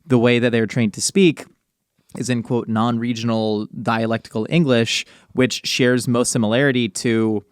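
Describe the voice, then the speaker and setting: A man's voice: mid-range voice, level tone, moderate pace, clean tone, no room sound, studio quality. A man co-hosting a podcast, explaining things in a rambling, casual way with lots of fillers. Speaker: podcast co-host.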